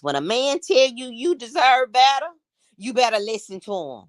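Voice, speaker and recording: A woman's voice: on the high side, sing-song, moderate pace, no room sound, clean studio sound. A woman in her sixties hosting a casual livestream chat, gossiping and talking to her viewers as y'all. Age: 60s. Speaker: livestream host.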